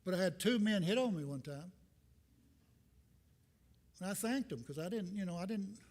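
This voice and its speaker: An older man delivers a loose, folksy sermon, drifting between thoughts with self-deprecating humor. His voice sits a little high for a man. It rings out with a long reverb through a church sanctuary. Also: animated, moderate pace, darkish tone. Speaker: visiting minister. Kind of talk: informal sermon.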